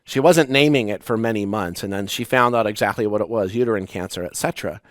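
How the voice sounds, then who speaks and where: A man's voice: fairly low pitch, no room sound, studio quality. Reflective man telling personal stories. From United States. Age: 40s. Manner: personal, storytelling with pauses and restarts. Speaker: spiritual teacher. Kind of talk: reflective spiritual talk.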